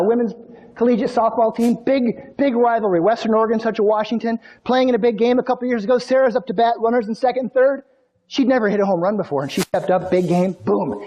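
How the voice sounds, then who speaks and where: A man giving an energetic motivational keynote, telling stories and speaking straight to the audience. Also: high voice. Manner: energetic, storytelling, addresses audience directly.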